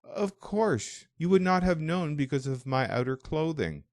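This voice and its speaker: A man's voice: on the high side, lively intonation, a little slow, darkish tone, no echo, studio quality, pitched above the performer's own voice. A man voicing a wary young Norseman who hesitates and asks probing questions in an audiobook. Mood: hesitant. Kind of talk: audiobook dialogue.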